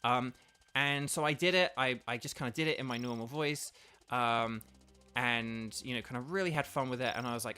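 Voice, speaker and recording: A man's voice: mid-range voice, fairly quick, bright, forceful tone. An English man chatting casually while streaming a video game, polite and self-deprecating, rambling with lots of fillers. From England. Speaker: streamer and voice actor. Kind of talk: casual gaming stream chat. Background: faint game music.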